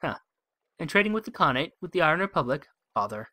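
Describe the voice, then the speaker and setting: A man hosting a game playthrough, reading text aloud and thinking out loud in a wry, musing way. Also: a little high, big pitch swings, fast talker, no echo. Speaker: let's play host.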